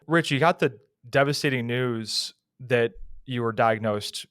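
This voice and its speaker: Young guy hosting a podcast, mid pitch, lots of likes and you knows, dry sound. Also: unhurried, a bit bright, no echo. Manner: casual, many fillers like "like" and "you know". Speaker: podcast host. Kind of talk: interview questions.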